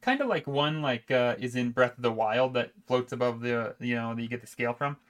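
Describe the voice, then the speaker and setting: A man's voice: mid-range voice, brisk, fairly bright tone. A man chatting casually about video games on a podcast, rambling with frequent restarts and laughs. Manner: rambling, laughing, self-interrupting. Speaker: podcast co-host. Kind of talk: casual gaming chat.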